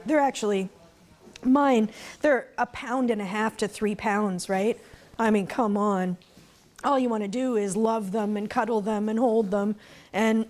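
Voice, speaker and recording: A middle-aged woman speaks to a live conference crowd in a mid-range voice with a darkish tone. A goat farmer, she's casual and chatty, laughing as she tells stories and adding touches of faith.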